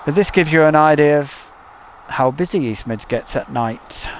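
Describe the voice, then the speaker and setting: A chatty man with an East Midlands accent, rambling easily through a live outdoor stream at night. His voice sits a touch high, and faint outdoor sounds with passing vehicles hum behind him on a camcorder mic. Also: normal speed. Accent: East Midlands English. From England. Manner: chatty, rambling, reads out viewer messages. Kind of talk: casual live commentary. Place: outdoors near an airport at night.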